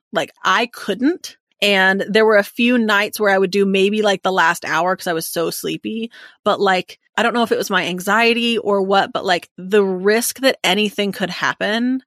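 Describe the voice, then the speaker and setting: 30s woman host, thinking out loud w lots of "like", close dry mic. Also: medium pitch, no room sound. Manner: thoughtful and hesitant, many fillers. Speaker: podcast host. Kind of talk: reflective conversational interview.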